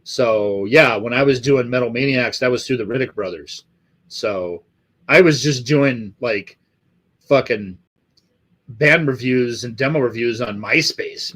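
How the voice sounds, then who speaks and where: A man's voice: mid-range voice, a bit bright. Rambling, profane middle-aged man. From Los Angeles area. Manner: rambling, profane, many fillers. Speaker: live stream host. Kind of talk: casual chat to live chat.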